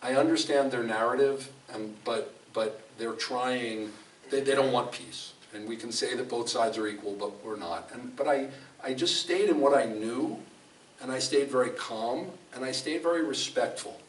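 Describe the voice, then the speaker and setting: A medium-pitched preacher at a moderate pace shares stories in a conversational sermon, stressing points emphatically and often restarting sentences. The echoey fellowship hall, faint room noise included, is heard through a distant mic.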